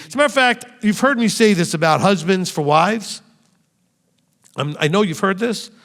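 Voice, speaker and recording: A man's voice: on the high side, fairly bright tone. A male rabbi preaching a sermon, speaking animatedly and putting direct rhetorical questions to his congregation. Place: meeting room with a congregation. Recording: long reverb in a hall.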